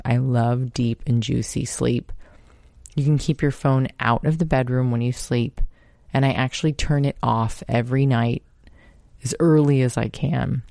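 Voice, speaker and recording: Chatty woman with a gravelly voice. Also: very deep voice, warm tone, no room sound, studio quality. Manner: chatty, laughing, filler-heavy storytelling. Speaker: podcast host. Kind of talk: casual storytelling monologue.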